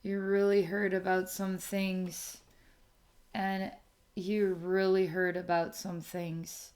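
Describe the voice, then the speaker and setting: A woman giving a channeled spiritual reading to someone, speaking softly and often checking in with "okay?". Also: mid-range voice, little pitch movement. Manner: slow, soft, repeats okay to check in. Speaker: spiritual intuitive reader.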